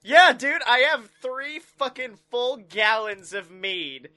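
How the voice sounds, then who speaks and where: A man's voice: very high voice, animated, takes it slowly, bright, forceful tone. A man co-hosting a podcast in casual chat, loose and profane, laughing easily. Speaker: podcast co-host.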